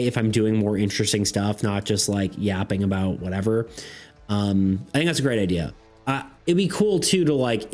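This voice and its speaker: A low-pitched man chats loosely on a live stream, answering messages with lots of "um" and restarts. He meanders through his thoughts in a relaxed, offhand way. Soft background music plays faintly under his voice. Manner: rambling, lots of fillers and restarts, reads chat messages aloud. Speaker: streamer reading chat. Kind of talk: casual stream chat.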